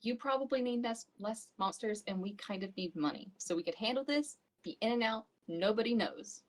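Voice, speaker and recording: A woman's voice: on the high side, animated, moderate pace, rough recording. A woman playing a tabletop game, talking in a breezy, slangy way. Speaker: player. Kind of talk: casual in-character play.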